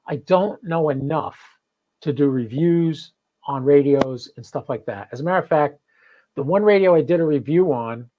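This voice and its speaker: A man's voice: a little high, darkish tone, low-quality recording. Chatty New man ranting. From New Jersey. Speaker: host. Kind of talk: live podcast chat.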